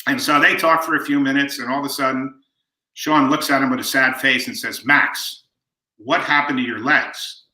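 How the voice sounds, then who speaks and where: Brief: man in his fifties, podcast guest, very bright and forceful tone, easy storyteller, echoey room. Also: mid-range voice, moderate pace. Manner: relaxed anecdotal storyteller who acts out quoted lines. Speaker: guest author. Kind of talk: storytelling in conversation. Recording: roomy echo.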